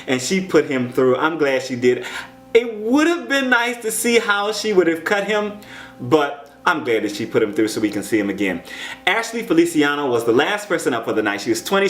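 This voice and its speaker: Chatty American man in an echoey room. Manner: chatty, animated, jumps up in pitch when quoting people. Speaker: show commentator. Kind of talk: casual solo commentary.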